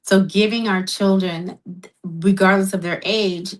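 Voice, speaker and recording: A woman co-hosting a podcast, affirming and reflective, giving slow, thoughtful commentary in casual conversation. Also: mid-range voice, fairly even intonation, rough recording. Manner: warm affirming listener, slow reflective phrasing. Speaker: podcast co-host, therapist.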